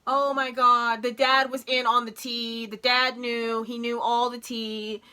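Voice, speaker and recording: A woman gushing excitedly in casual commentary as she reacts to a show, swearing and breaking off mid-sentence. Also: a little high, a little slow, smooth.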